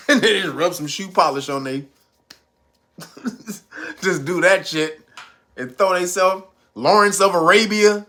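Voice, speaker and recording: Male podcast host, high bright voice, profane rant broken by frequent laughs. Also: takes it slowly, long pauses. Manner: laughs often, animated and mocking. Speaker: podcast host reading live chat. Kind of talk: casual profane commentary.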